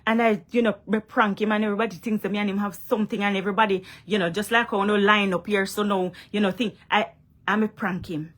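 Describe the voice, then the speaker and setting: A woman's voice: mid-range voice, steady tone, quick pace. A young woman with a Jamaican accent talking straight to camera in a casual vlog, emphatic and repetitive, often checking "you understand?". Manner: emphatic, repeats herself, asks "you understand?". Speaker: vlogger.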